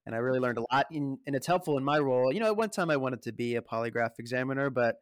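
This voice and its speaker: A man improvising a comedy bit as an earnest, slightly halting office manager. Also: medium pitch, expressive. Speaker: improv performer playing an HR manager.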